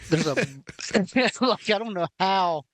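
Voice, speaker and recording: A man's voice: high voice, animated, slow, fairly bright tone, dry recording. A man hosting a podcast in casual, crude chat, laughing and swearing often. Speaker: podcast host.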